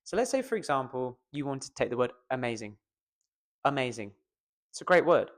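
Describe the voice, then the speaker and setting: A man coaching pronunciation straight to camera, playful and self-mocking. His pitch leaps up and down as he draws out the stressed syllables for effect. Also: big pitch swings, a little fast. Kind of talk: casual pronunciation lesson to camera.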